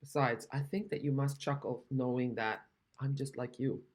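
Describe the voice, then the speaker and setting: Husky chatty woman crafting. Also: very deep voice, fairly even intonation, moderate pace, a little mellow. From Canada. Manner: chatty, rambling, self-deprecating. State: recovering from illness, coughing. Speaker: craft demonstrator. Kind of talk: casual card-making tutorial.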